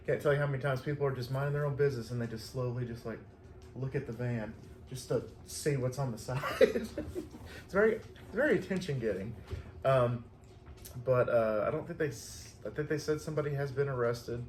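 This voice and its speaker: A man's voice: mid-range voice, fairly quick, a little mellow, roomy sound, slight background noise. Chatty man telling a delivery story. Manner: chatty, laughs often, acts out quoted voices. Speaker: vlogger and flower delivery driver. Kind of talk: casual storytelling chat.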